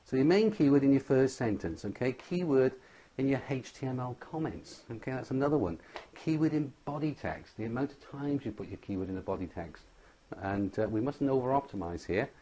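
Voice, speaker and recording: Man, instructor, emphatic, mellow voice, mid pitch. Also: lively intonation, brisk, a little hiss or hum. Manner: emphatic, repeats "okay?" as a check-in. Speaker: SEO instructor. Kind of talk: tutorial lecture.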